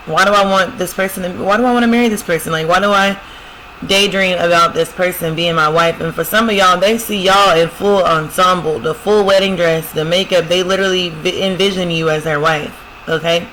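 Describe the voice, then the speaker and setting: A woman's voice: fairly low pitch, steady tone, brisk, fairly bright tone, a little hiss or hum, rough recording. A woman giving a casual prophetic love reading who talks straight to her viewers, keeps repeating "y'all," and reads song lyrics aloud before explaining them. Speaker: spiritual love-reading host.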